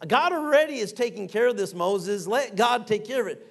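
A middle-aged man preaching a folksy, animated sermon, acting out quotes and reading scripture aloud. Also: high-pitched, normal speed, gravelly.

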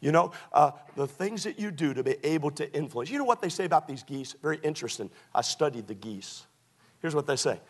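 High-voiced pastor preaching a sermon. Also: male voice, animated, a little fast. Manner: builds from low storytelling to shouted exhortation.

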